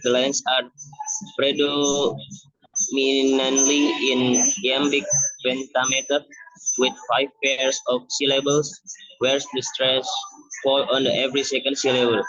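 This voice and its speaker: A young man giving a class presentation on a poem, reading haltingly and restarting words. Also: medium pitch, little pitch movement, pushed and bright, slight background noise. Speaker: student presenter. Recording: dull lo-fi recording.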